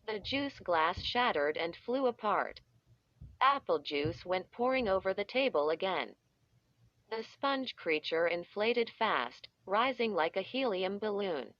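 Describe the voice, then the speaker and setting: Slow, deliberate woman reading a story aloud. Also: medium pitch, lively intonation, a bit bright, no echo. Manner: deliberate, acting out sound effects. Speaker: audiobook reader. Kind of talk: scripted storybook narration. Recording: dull, slightly muffled audio.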